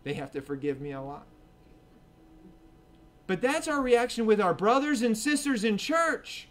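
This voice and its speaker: A man preaching a sermon as pastor at a church service, earnest and swinging between emphatic and hushed delivery. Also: sits high, very animated, a little slow, pauses often.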